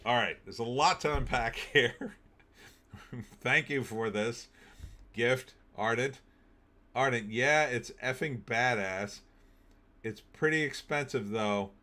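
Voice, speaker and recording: A man's voice: medium pitch, slow pace, long pauses, bright, forceful tone. A man hosting a live stream, reading news aloud and cracking wry, jokey asides with frequent laughs.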